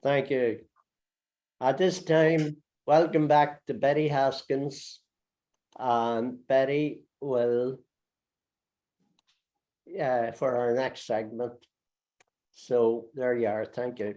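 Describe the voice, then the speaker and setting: A man hosting a poetry evening talks at a slow, deliberate pace. He praises each reader warmly in words and gives background before his own reading. His voice sits at an ordinary middle pitch. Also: level tone. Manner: unhurried, appreciative, explanatory. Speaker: program host and storyteller.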